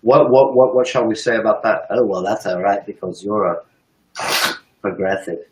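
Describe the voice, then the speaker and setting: A man ranting profanely and emphatically about politics on a live stream, with sharp swings in pitch. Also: normal speed, reverberant, low-quality recording. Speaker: economic analyst on a live stream.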